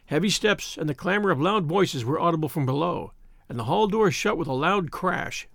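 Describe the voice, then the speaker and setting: A man reading a classic detective story aloud with a measured, expressive delivery. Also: a little high, vocal fry, no room sound, studio quality. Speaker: audiobook narrator.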